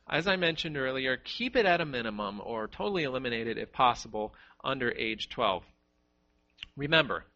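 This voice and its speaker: A man delivers a sermon in a lively, rising-and-falling voice that sits a little high. His tone is bright and forceful, and he hammers his points home by repeating key words. The recording sounds slightly muffled and lo-fi. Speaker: preacher.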